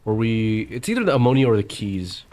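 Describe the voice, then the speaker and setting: A man's voice: on the low side, very animated, fairly quick, a little mellow. A man hosting a let's play, chatting in a laid-back, thoughtful way while he plays. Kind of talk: casual gameplay chat.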